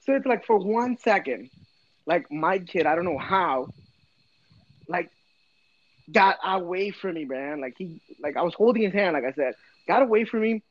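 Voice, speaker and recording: A man in his thirties telling a story in casual chat, swearing a lot and talking with animated energy. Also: high-pitched, moderate pace, long pauses, dry recording, muffled recording. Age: 30s.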